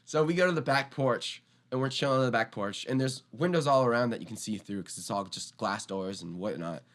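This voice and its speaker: A young man speaks as a podcast guest in a mid-pitched voice, loose and casual. He tells his story with a lot of energy and jumps up loud whenever he acts out what other people said. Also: quick pace, few pauses. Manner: animated, acts out quoted lines loudly.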